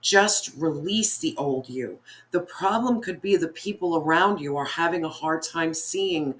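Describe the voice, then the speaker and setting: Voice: mid-range voice, a little slow, a bit bright. A tarot reader giving a spiritual reading in an earnest, encouraging way, speaking straight to the viewer and often repeating phrases for emphasis.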